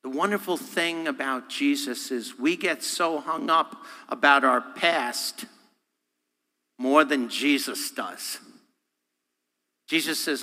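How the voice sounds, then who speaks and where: A man, a guest speaker, preaching a sermon with animated, humorous delivery, acting out voices and quotes. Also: on the high side, slow, pauses often. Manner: humorous, self-deprecating. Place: church sanctuary. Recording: long hall reverb.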